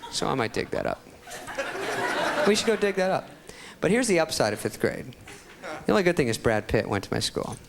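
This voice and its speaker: A man's voice: on the high side, very animated, a little fast, creaky, pauses often, crowd noise. A man telling a sarcastic, self-deprecating stand-up story before a live audience. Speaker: stand-up comedian. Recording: loud audience laughter and noise.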